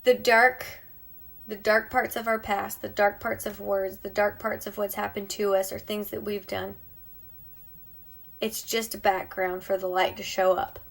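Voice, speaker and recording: Gravelly and mid-range, this woman's voice has a flat delivery and a measured pace. Streaming live from home as a beauty vlogger, she offers warm encouragement in an emotional monologue, at times sinking almost to a whisper.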